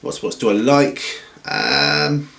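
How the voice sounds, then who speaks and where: A man hosting a hobby channel from home, chatting casually through viewer questions in a rambling, relaxed way with lots of ums and restarts. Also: medium pitch, slow, gravelly. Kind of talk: casual Q&A chat. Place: at home, seated with feet up. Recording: roomy room echo.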